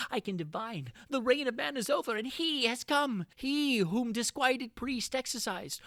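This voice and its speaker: A man giving a dramatic reading of a horror tale, theatrical, swinging from frantic cries to hushed brooding. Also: high-pitched, no echo. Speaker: narrator.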